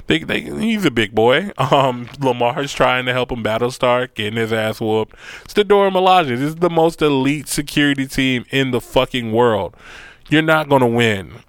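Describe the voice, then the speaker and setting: A man giving a casual, profane recap of an episode, animated and acting out the quotes. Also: medium pitch, dry recording. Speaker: show recap host.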